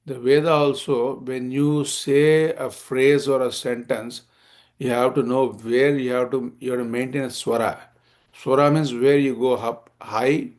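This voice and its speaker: A man teaching a scripture class, chanting verses slowly and explaining them with many fillers. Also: medium pitch, a little mellow.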